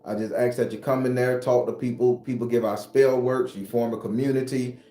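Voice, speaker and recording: This man hosts a casual spiritual live stream, speaking briskly, loosely, and profanely to his viewers. His mellow voice is medium in pitch with fairly even intonation. Roomy echo and faint background music color the recording.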